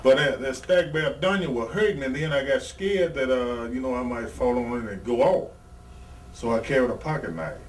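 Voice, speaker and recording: A man's voice: mid-range voice, moderate pace. Blunt profane man, distant mic. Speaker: retired pro wrestler, guest. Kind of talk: casual interview storytelling. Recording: distant mic, faint background noise.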